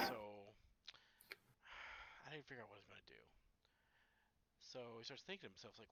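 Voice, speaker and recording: Easygoing man with a bright voice. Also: lowish voice, expressive, moderate pace. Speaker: game master. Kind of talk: casual chat, joke telling.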